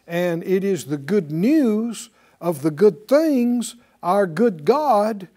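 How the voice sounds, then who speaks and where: Lively high-voiced man preaching. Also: takes it slowly. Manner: animated preaching with questions to the congregation. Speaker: pastor. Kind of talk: sermon.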